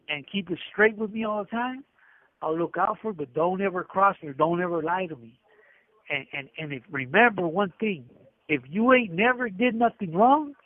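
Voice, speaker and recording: A man's voice: high voice, expressive, moderate pace, dry recording. Middle-aged man on a tinny prison phone line. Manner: rambling, acts out dialogue, frequent restarts. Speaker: prison inmate telling his story. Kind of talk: casual storytelling over a phone call. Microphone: prison telephone.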